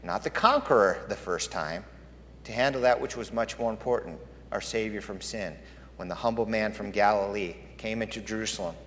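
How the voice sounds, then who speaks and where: A man preaching a sermon, rising to loud, booming proclamations and dropping to hushed, low emphasis. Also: a little hiss or hum. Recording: long hall reverb.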